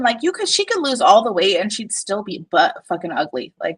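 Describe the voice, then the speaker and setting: A woman's voice: medium pitch, lively intonation, normal speed, few pauses, fairly bright tone, slightly rough, low-quality recording. A woman streaming casual commentary, blunt and profane, rambling and laughing often while she multitasks on screen. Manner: distracted while working on screen.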